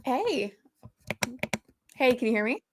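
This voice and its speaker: A woman's voice: high voice, big pitch swings, slow, slight background noise. A woman co-hosting a podcast stream over a call, distracted and fixing her hair as she chats casually. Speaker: podcast co-host. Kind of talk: casual livestream chat.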